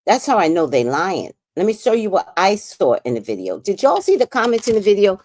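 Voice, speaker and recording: A woman's voice: medium pitch, wildly swooping pitch, brisk, a little mellow. A woman with a New York accent giving casual, outspoken livestream commentary on a podcast feud. She swears freely.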